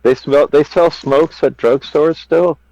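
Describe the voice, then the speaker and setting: A man's voice: fairly high pitch, fairly even intonation, unhurried, dull audio, crowd noise. A man in a casual chat among friends, reminiscing and reacting with wry surprise. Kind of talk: casual banter.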